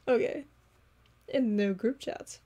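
Woman, reaction host, casual commentary, giggly, enthusiastic, slightly high voice. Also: mellow, slightly rough. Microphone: home recording setup.

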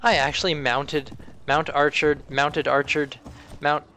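A young man hosting a co-op game session, reacting excitably to the action and chatting casually. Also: on the high side, unhurried. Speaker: gaming channel host. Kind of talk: casual gaming commentary.

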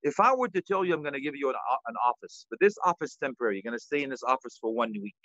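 A man's voice: mid-range voice, big pitch swings, very fast, pushed and bright, no room sound, dull audio. A man giving a sermon as an imam, addressing listeners directly and weaving in Arabic terms and recitation. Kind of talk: sermon lecture.

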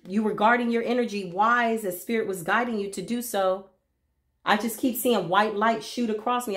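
A woman giving a tarot reading to her viewers, sassy and preachy, with sudden loud call-outs. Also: medium pitch. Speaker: tarot reader.

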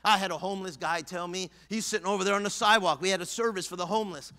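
A male pastor preaching a fervent sermon in a church sanctuary, swinging between loud exhortation and hushed earnestness. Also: high-pitched, steady tone, very fast. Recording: long church reverb.

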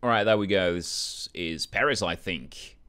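A man's voice: sits low, a little slow, clean tone. Laid-back guy playing a game. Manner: relaxed, chuckling asides. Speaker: let's play host. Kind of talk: casual gameplay commentary with read-aloud dialogue.

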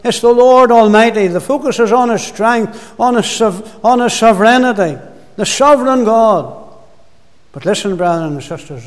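Older lay preacher, fervent and emphatic, high voice, long hall reverb. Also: male voice. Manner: warm emphatic preaching, rising to fervent exclamations and dropping to soft endings. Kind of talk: sermon. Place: gospel hall.

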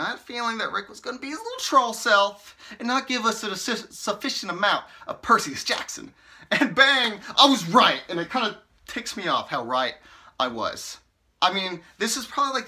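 Bright-voiced man rambling casually. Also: sits high, very animated, normal speed. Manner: rambling and chatty, full of "like" and "you know"; playfully exasperated, teasing. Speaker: book reviewer. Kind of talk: casual vlog commentary.

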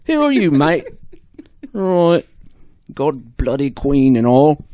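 A man putting on a loud, clumsy fake Australian accent for a blustering character in an improv comedy bit. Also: very animated, slow, no room sound. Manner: loud, high and jokey, slang-laden. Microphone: studio microphone.

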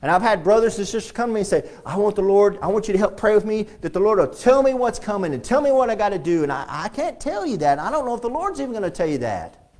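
A pastor preaching a sermon in a church, swinging between loud and hushed delivery and often repeating phrases. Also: male voice, high voice, very animated, fast. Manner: repeats phrases and restarts lines. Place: church sanctuary.

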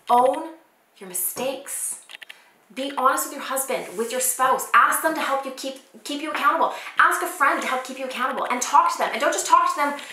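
A woman's voice: high-pitched, bright, forceful tone, a little hiss or hum. A woman in her thirties who homeschools, giving heartfelt, encouraging advice straight to camera at home. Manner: earnest, encouraging, acts out inner thoughts. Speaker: homeschooling mom vlogger. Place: home set. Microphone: camera mic. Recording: echoey room, faint camera focus clicks.

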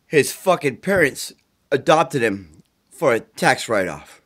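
A man's voice: fairly high pitch, sing-song, normal speed, fairly bright tone. A middle-aged man, sick with the flu and tired, making a rambling, profane plea straight to camera from his mother's home. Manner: profane, pleading, agitated. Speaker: self-recording video poster.

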